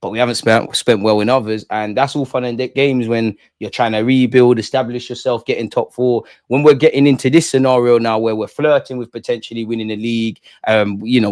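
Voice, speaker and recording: A man's voice: medium pitch, fairly quick, hardly any pauses, no echo, clean studio sound. A young man hosting a casual live stream, reading chat comments and ranting with jokes in between. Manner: animated, swings between ranting and joking with chat. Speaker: fan channel host.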